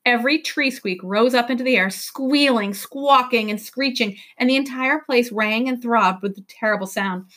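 A woman teacher reading a novel aloud for her class. Her storytelling is expressive, and her voice sits slightly high. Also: normal speed, hardly any pauses.

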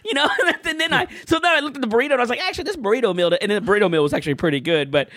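A man's voice: very high voice, lively intonation, rapid-fire, sharp tone. A man telling stories in casual chat, laughing often and swearing freely.

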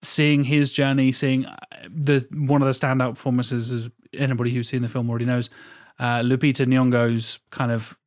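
A man's voice: mid-range voice, flat delivery, moderate pace, darkish tone, no echo. Sweary, enthusiastic man, dry close sound. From England. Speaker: podcast host. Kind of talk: casual film chat.

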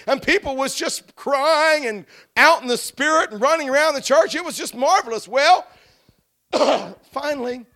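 A middle-aged man preaching a revival testimony sermon, telling his story quietly, then shouting and crying out in praise. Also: high voice, gravelly. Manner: drops to quiet storytelling between outbursts.

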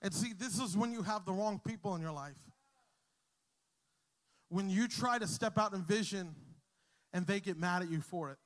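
High-voiced male pastor preaching. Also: moderate pace, long pauses. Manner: storytelling, jokes with the crowd, builds to shouting. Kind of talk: sermon. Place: church hall with a congregation.

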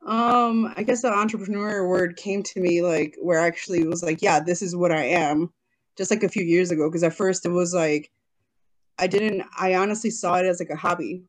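Interviewed on a video call, this guest, a woman in her thirties with a jewelry business, has a voice on the low side with a steady tone and moderate pace. She's casual and emotional, often quoting herself.

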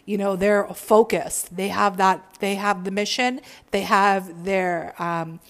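A woman's voice: mid-range voice, fairly even intonation, takes it slowly, a bit bright. A woman who works as a spiritual healer, giving an emphatic, slangy motivational monologue laced with swearing. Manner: emphatic, preachy, profane, slangy.

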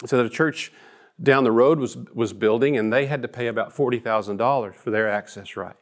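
A man's voice: mid-range voice, a little fast. A middle-aged man preaching a sermon as a pastor, earnest and storytelling, often restarting his sentences.

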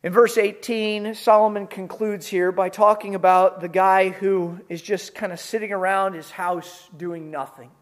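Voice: medium pitch, fairly even intonation, a little slow, hardly any pauses. A pastor preaching a sermon in an earnest, emphatic, conversational way.

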